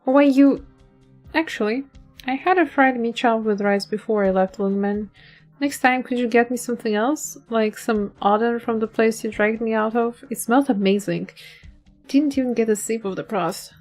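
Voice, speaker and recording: A hardened woman cop, voiced by a woman reader with a dry, matter-of-fact delivery. The voice sits fairly high, with faint music playing behind. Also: a little mellow, close to an everyday voice. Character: gruff hardened woman cop, blunt and unbothered.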